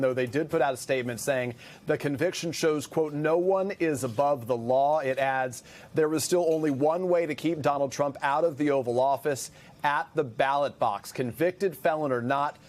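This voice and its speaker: Measured male news correspondent. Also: mid-range voice, darkish tone. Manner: measured, slows to quote statements. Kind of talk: broadcast news report.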